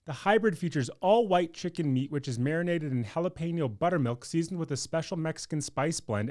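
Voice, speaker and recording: A podcast co-host with a fairly high-pitched, darkish voice reads news items aloud and swaps wry, teasing jokes in casual conversation.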